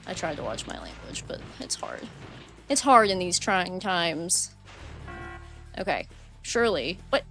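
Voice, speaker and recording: A young woman doing live gameplay commentary, her voice sitting at an ordinary middle pitch. She chats casually and swings into loud, frustrated outbursts, with faint game music underneath. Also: big pitch swings, normal speed, long pauses. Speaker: streamer.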